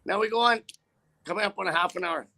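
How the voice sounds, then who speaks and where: A man's voice: high-pitched, fast talker, creaky, sharp tone. A man who drives trucks, telling a story in a casual interview with a profane, rambling, heated manner.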